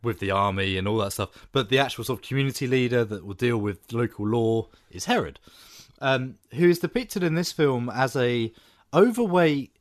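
A man in casual film chat, chatty and quick to laugh, often trailing off mid-sentence. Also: medium pitch, expressive, no echo, clean studio sound. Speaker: podcast co-host.

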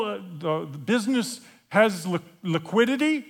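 Slow, animated man preaching a story sermon. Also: fairly high pitch. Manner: animated, acts out scenes with playful humor; halting, with frequent restarts.

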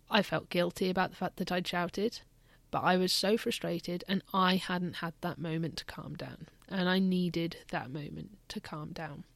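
A mother speaks candidly and reflectively about her own experience, in a vlog style. Her voice has a gravelly, fry-edged texture. She is recorded close and dry, with no room sound. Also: on the low side, a bit bright, dry recording. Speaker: parent. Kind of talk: personal parenting vlog.

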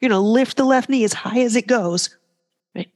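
A yoga teacher giving live cues in a studio with a long reverb tail. The speech is casual and joking between breath and pose counts, at a mid pitch. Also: moderate pace, darkish tone. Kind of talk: live class instruction.

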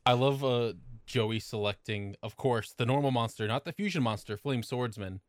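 A man co-hosting a casual podcast chat, loud and jokey, swearing freely. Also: medium pitch, moderate pace, no room sound, clean studio sound. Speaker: podcast co-host.

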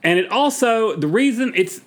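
A man's voice: high-pitched, expressive, normal speed. Laughing enthusiastic man co-hosting. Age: 40s. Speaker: podcast co-host. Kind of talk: casual chat.

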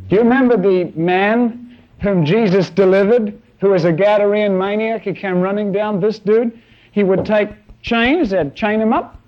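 A man preaching a sermon, telling stories in an animated way with acted-out sounds. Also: high voice, moderate pace, highs cut off. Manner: animated storytelling with shouted sound effects.

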